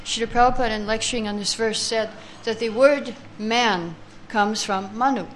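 A woman's voice: fairly high pitch, a little hiss or hum. Woman teaching a scripture class. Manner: chants Sanskrit verses slowly, then reads translations and explains; takes answers from the class. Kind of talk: scripture class, reading verses and explaining.

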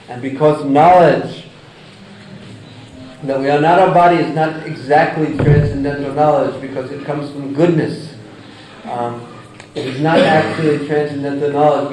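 A man giving a deliberate scripture lecture who chants Sanskrit verses and explains them with examples. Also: fairly high pitch, a little mellow. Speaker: religious lecturer. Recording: echoey hall, distant mic, faint noise.

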